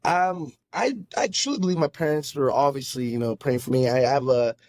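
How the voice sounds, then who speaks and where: A pastor telling his own faith story in a podcast conversation, earnest and halting, often restarting his sentences. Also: mid-range voice, darkish tone, dry recording. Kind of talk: casual testimony in a conversation.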